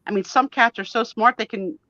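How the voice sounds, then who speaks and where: A woman in her fifties speaks briskly in a fairly high, sharp voice while guesting on a live chat show. Her story comes out gushing, emotional and chatty, with mild swearing, over a dull, dry, lo-fi recording.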